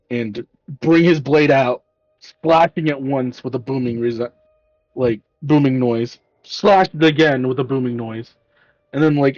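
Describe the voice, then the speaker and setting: A man narrating a tabletop game as game master, in a casual, halting way with restarts. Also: medium pitch, darkish tone, no echo, dull audio.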